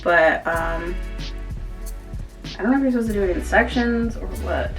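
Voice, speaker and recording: A woman's voice: mid-range voice, moderate pace, recorded from a distance, music in the background. A woman chatting casually to camera as a beauty vlogger, rambling with lots of fillers.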